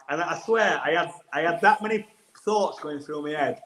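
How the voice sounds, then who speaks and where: A man chats casually on a podcast, his voice sitting a little high as he rambles through an anecdote with false starts. The room around him is echoey. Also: normal speed, a bit bright. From England. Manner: rambling anecdotal storytelling with restarts. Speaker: rugby player guest.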